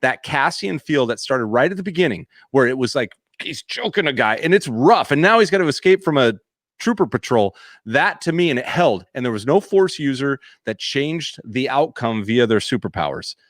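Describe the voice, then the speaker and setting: A man appearing as a guest on a live fan show, relaxed, laughing easily and sometimes searching for words. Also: medium pitch, normal speed, no room sound, studio quality. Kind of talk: casual chat.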